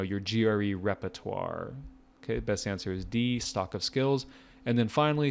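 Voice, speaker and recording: American guy doing test prep vocab, kinda low voice, chill and chatty, cracks little jokes. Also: creaky. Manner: relaxed, chatty, jokey asides. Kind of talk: casual vocabulary lesson.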